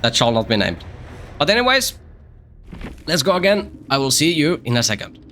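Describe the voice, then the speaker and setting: Male streamer, bright and tense voice, easygoing rambling play-by-play with jokes. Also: on the high side, very animated, normal speed, a little hiss or hum. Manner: rambling, joking, talks to himself and other players. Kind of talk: casual live-stream gameplay commentary.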